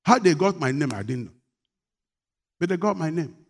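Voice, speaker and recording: A middle-aged man preaching a sermon, moving from quiet talk to loud rebuke. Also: fairly high pitch, animated, moderate pace. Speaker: pastor.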